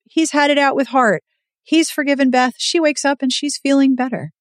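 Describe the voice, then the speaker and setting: A woman's voice: high-pitched, normal speed, no room sound, studio quality. A woman co-hosting a podcast, recapping a novel in casual chat and acting out the characters' lines. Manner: animated storyteller, acts out quotes, swears casually. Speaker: podcast co-host.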